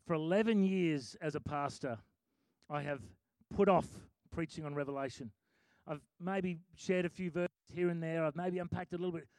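A man's voice: fairly high pitch, moderate pace, a little mellow, no echo. A middle-aged male pastor preaching a sermon in a chatty, self-amused way, breaking into sung lyrics.

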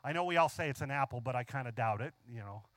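A man preaching a sermon, emphatic, drawing out key phrases slowly and asking the congregation frequent questions. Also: medium pitch, expressive, a bit bright, no room sound.

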